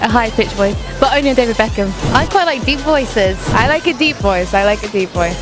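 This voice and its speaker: A woman's voice: a little high, lively intonation, a little fast, over music. A woman answering street interview questions in a thoughtful, musing way.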